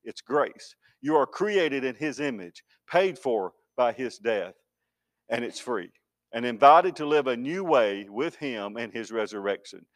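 A man pastor preaching a sermon, emphatic, swinging between loud declarations and hushed words. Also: medium pitch, expressive, unhurried.

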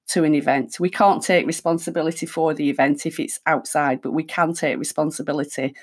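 A woman hosting a reflective self-help talk, speaking calmly and conversationally as she thinks aloud. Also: low-pitched. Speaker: host.

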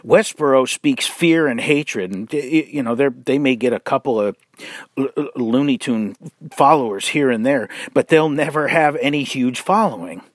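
A man preaching, blunt and mocking, with sarcastic asides, slow and deliberate, drawing out words for emphasis. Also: medium pitch, dry recording, clean studio sound. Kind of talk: sermon-style commentary.

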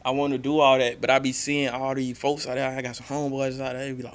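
A man's voice: mid-range voice, little pitch movement, quick pace. A man co-hosting a podcast, telling a long story in loose slang with lots of "you feel me". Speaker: podcast co-host. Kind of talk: casual podcast chat.

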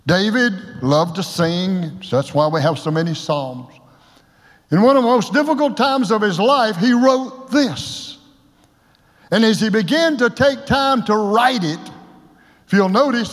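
An older male pastor with a high voice delivers a folksy, joking sermon. He breaks now and then into loud shouts. Long reverb from a church hall trails after his words. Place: church sanctuary.

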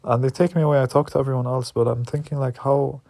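Gravelly man venting raw anger. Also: medium pitch, fairly even intonation, quick pace, mellow, no echo. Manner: raw, angry, searching, with repeated restarts and swearing. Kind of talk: personal reflective monologue.

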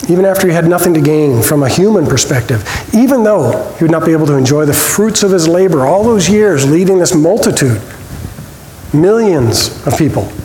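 A man teaching a church Bible study, conversational with small restarts, reading scripture with expressive emphasis. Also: fairly high pitch, a little fast. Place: church hall. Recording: roomy hall reverb, faint noise.

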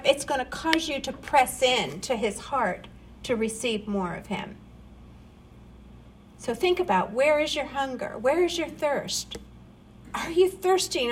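A woman with a high voice preaches at an unhurried pace. She speaks earnestly and presses her points with pointed, emphatic questions. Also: animated, slight background noise, poor audio. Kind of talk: sermon.

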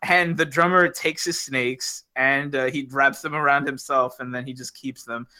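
Bright-voiced young man, rambling and profane. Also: mid-range voice, fairly even intonation, moderate pace, clean tone. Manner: rambling, profane, with many fillers. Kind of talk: casual chat.

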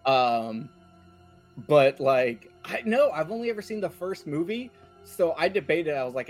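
A man's voice: a little high, very animated, a little slow, soft background music. A man chatting casually as a guest on a podcast, laid-back and joking. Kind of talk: casual chat.

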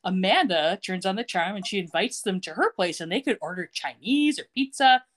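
A woman's voice: medium pitch, animated, brisk, a bit bright. A woman co-hosting a podcast, chattily recapping a TV episode and laughing often. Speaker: podcast co-host. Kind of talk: casual chat recapping a TV show.

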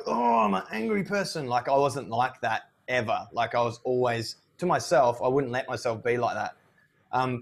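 Man, 30s, guest, candid personal talk, reflective, medium pitch. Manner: reflective, animated when retelling his own lines.

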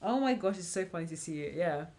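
A woman's voice: lowish voice, animated, quick pace, mellow. A woman co-hosting a podcast, chatting casually and reacting with lots of short agreeing replies. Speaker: podcast co-host. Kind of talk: casual chat.

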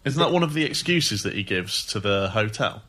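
A male podcast co-host reading listener submissions aloud, with a husky voice and a swooping delivery. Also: on the low side, animated, normal speed, bright, forceful tone, faint music behind.

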